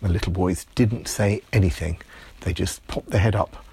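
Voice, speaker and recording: Man, low voice, husky, lively pitch, bedtime storyteller. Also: moderate pace, dry recording.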